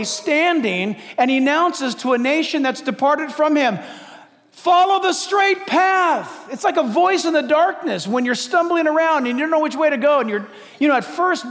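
A man preaching a sermon as pastor, impassioned, swinging from loud declaiming to hushed asides. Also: very high-pitched. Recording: long reverb of a large hall.

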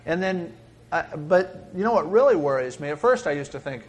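A man preaching a sermon, dramatic, swinging between loud exclaiming and hushed whispering. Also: on the high side, expressive, moderate pace.

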